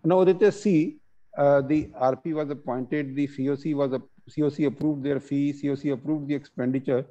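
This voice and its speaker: A man presenting a webinar on court judgments, reading case text and explaining it with many pauses and fillers over a video call. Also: fairly high pitch, fairly even intonation, mellow, highs cut off.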